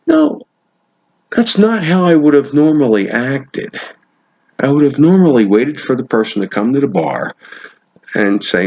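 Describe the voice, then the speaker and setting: A man telling a story in a casual monologue, animated and swearing now and then as he acts out what people said. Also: medium pitch, normal speed. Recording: dull lo-fi sound.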